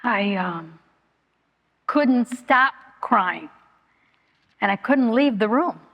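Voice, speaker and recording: A woman giving a candid personal testimony at a recovery meeting, talking haltingly with many fillers and restarts. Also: on the high side, lively intonation, muffled recording. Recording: long hall reverb.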